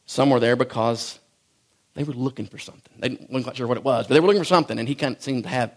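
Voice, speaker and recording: Folksy preacher man with a gravelly voice. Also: mid-range voice, rapid-fire. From rural farm background. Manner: conversational, folksy preaching with swings from loud to hushed. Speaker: pastor. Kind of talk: sermon.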